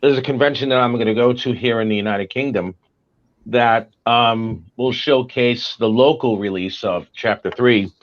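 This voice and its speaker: A man's voice: mid-range voice, normal speed. An American man co-hosting a casual live-stream chat, rambling and joking with plenty of swearing. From United States. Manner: profane, rambling, jokey. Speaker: co-host and comic artist. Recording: dull lo-fi stream audio.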